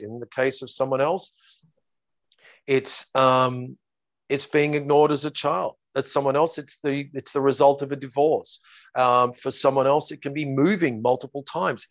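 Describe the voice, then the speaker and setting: A man's voice: mid-range voice, dry recording. A man, a therapist, explaining his method in an interview. He talks in a methodical, repetitive way and sometimes acts out exchanges with his clients. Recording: dull lo-fi dry audio.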